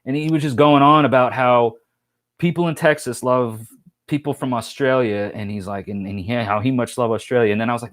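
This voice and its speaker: A man's voice: mid-range voice, steady tone, brisk. A man hosting a casual live stream, telling rambling stories and reading chat comments, with lots of fillers and restarts. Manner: rambling, chatty storytelling with many fillers and restarts.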